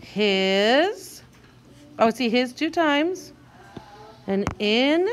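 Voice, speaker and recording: A woman teacher leading a guided reading lesson for young children, sounding out words slowly and encouraging her class. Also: fairly high pitch, big pitch swings.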